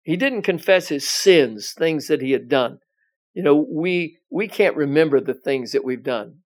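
A man's voice: on the high side, animated, a little slow. A male pastor giving conversational Bible teaching, rambling with many "you know"s and restarts, and reading scripture aloud with emphasis.

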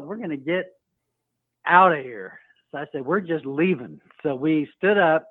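Male caller, lively storyteller on a tinny phone line, dry sound. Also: fairly high pitch, dry recording. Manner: storytelling, acts out quoted voices. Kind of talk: telling a personal story.

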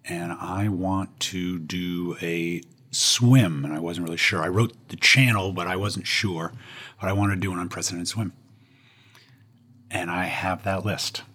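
A man's voice: low-pitched, fairly even intonation, measured pace, bright, forceful tone, breathy edge. A man, a guest on an interview show, telling a personal story with self-deprecating humor and punchlines.

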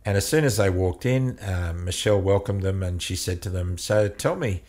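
A man with a very deep voice tells a story from his work as a couples counselor. He speaks in halting bursts, often repeating words before pushing on. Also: a little mellow. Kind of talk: storytelling in an interview.

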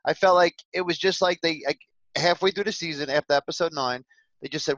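A man's voice: a little high, brisk, fairly bright tone, no room sound, highs cut off. A man co-hosting a casual TV show discussion, talking in a sarcastic, blunt way.

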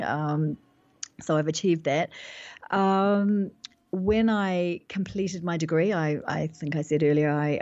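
A woman's voice: low-pitched, a little mellow, dry recording, lo-fi sound. A New Zealand woman in her forties, a business consultant recounting her career in an interview, self-assured and reflective, with frequent fillers. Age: 40s. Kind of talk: interview storytelling.

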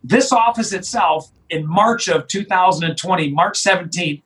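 A middle-aged man, a sheriff telling his story in an interview with emphatic, animated delivery and frequent restarts. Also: sits high, moderate pace, poor audio.

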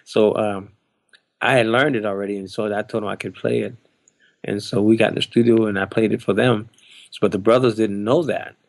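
An older man, a drummer, telling a story in a podcast interview in an animated way and acting out other people's lines. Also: lowish voice, brisk, gravelly, no room sound. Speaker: drummer telling of his audition.

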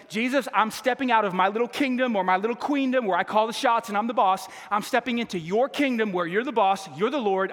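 High-voiced pastor preaching in a reverberant hall. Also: male voice. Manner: animated, calls for congregation to repeat lines. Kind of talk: sermon.

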